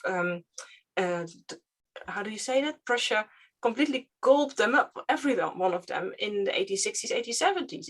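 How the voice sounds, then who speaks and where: A woman historian with Dutch as her first language talks in a relaxed panel discussion. She pauses often with fillers and restarts while searching for the right word. Her pitch sits in a middle range. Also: slightly rough. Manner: halting, searches for words with many fillers. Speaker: historian guest.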